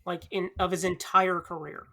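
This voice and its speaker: Bright chatty guy rambling about movies on a podcast. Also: high voice, flat delivery, moderate pace. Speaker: podcast panelist arguing as prosecutor. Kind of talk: casual podcast chat.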